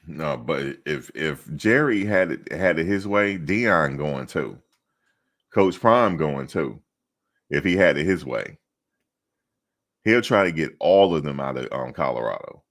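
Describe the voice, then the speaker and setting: A man hosting casual sports talk, rambling and animated, often quoting others in his own voice. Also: rumbling low, measured pace. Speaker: sports commentary host.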